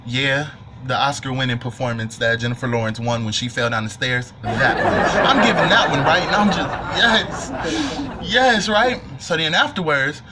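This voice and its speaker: A young man telling a personal story to camera in an animated, joking, profane way. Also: mid-range voice, normal speed, over a noisy crowd, heavy background noise. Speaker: vlogger. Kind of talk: storytime monologue.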